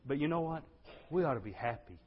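An exuberant man preaching to his congregation, his husky voice leaping up in excitement and then dropping low. His middle-pitched tone comes through a dull, lo-fi recording. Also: quick pace. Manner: exuberant, swings from loud to hushed. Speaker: pastor. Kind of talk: sermon. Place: church sanctuary. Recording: dull lo-fi sound.

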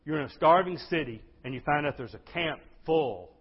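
A male pastor preaching a sermon with exuberant energy, swinging from loud bursts to hushed lines. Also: a little high, lively intonation, fairly quick, husky. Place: church sanctuary. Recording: dull lo-fi sound.

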